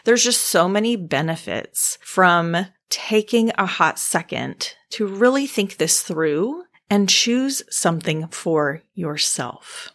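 Gentle, encouraging woman podcast host. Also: lowish voice, lively intonation, takes it slowly, few pauses. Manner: gentle, encouraging, speaking directly to the listener. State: dry mouth, pausing to clear throat. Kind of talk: faith-based podcast monologue.

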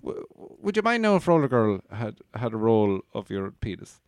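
A man's voice: on the low side, sing-song, moderate pace, no echo, clean studio sound. A man doing an impression of a male film director speaking in an exaggerated Irish accent, asking leering questions.

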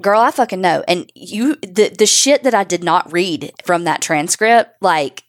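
A woman's voice: lowish voice, unhurried. A woman co-hosting a podcast, bluntly recounting a true crime case and swearing. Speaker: podcast co-host.

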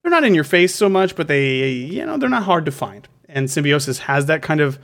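Slightly high guy on a podcast, rambly, lots of uhs and restarts. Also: big pitch swings, fairly quick, few pauses, fairly bright tone. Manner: rambling, self-interrupting with fillers. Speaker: podcast co-host. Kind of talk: casual chat.

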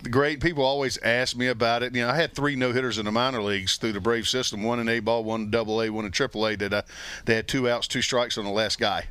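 An older man, a former baseball pitcher, telling stories in a relaxed, rambling chat with many restarts and fillers. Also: fast talker, smooth, no room sound. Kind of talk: casual storytelling chat.

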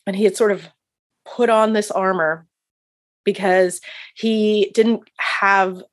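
A woman, a hospice chaplain, talking as a podcast guest in an animated storytelling way and laughing often. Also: mid-range voice. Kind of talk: casual podcast interview.

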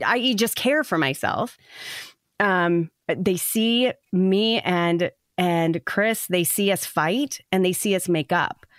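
A woman's voice: mid-range voice, a bit bright, no room sound, clean studio sound. A woman in her thirties chatting casually as a podcast guest, telling stories with many fillers. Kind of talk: casual chat.

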